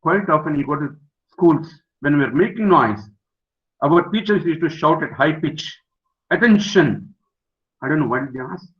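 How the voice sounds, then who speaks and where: Older man lecturing emphatically. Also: fairly high pitch. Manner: emphatic, repeats key words, asks the audience questions. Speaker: professor giving a webinar lecture. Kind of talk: lecture to students. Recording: dull lo-fi webinar audio.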